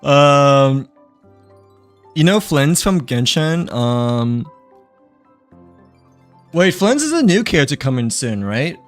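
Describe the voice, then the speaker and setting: A man's voice: on the high side, very animated, takes it slowly, pauses often, soft background music. A young man chatting casually on a live stream, rambling with lots of fillers and self-corrections, a little stuffy and short of breath. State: runny nose, a little out of breath.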